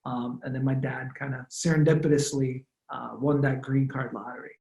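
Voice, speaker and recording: A man in his thirties, born in Romania, recounts his past in a relaxed, thoughtful manner, stopping often to restart a phrase. His voice sits at an average pitch. It rings with a clear room echo. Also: moderate pace. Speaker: guest, former football punter. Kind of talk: casual interview storytelling.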